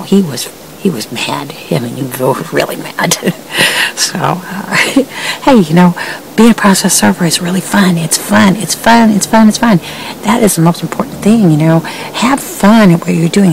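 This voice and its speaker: A woman's voice: fairly low pitch, normal speed, vocal fry, far from the mic, noisy background. A woman who works as a process server, chatting in a rambling vlog style with many fillers and restarts, laughing between sentences. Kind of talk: casual storytelling vlog.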